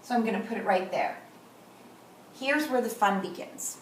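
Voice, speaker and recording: Patient kindergarten teacher in an echoey room. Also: female voice, medium pitch, a little hiss or hum. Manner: slow, deliberate modeling of words and sounds. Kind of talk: teaching a class. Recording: echoey room, far from the mic.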